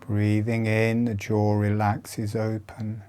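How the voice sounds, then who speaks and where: A man leading a guided breathing meditation, giving calm instructions softly with long pauses. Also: lowish voice, clear, resonant tone.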